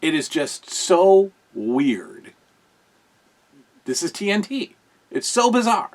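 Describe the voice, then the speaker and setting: A man's voice: sits high, sing-song, takes it slowly. A man hosting a show, chatting casually as he reviews old wrestling broadcasts, rambling with lots of fillers and amused asides. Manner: amused, often chuckling.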